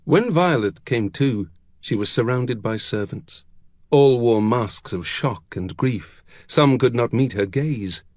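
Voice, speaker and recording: A man narrating an audiobook with expressive, dramatic storytelling. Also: mid-range voice, slow, dry recording, clean studio sound.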